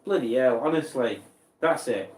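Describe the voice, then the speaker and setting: This streamer's mid-range voice is expressive and a little mellow, moving at normal speed. He reads viewer messages and rambles in mock indignation, heard from off mic in a reverberant room.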